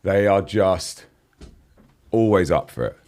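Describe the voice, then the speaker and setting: A man's voice: sits low, expressive, slow pace, a little mellow. A man in his forties, a guest musician chatting casually in a podcast interview, laughing often and saying "you know what I mean" a lot. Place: podcast studio.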